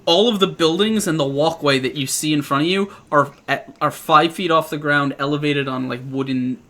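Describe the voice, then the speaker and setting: Guy dming a tabletop game, kinda high, bright voice, keeps restarting. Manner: halting, restarts while describing scenes. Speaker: game master.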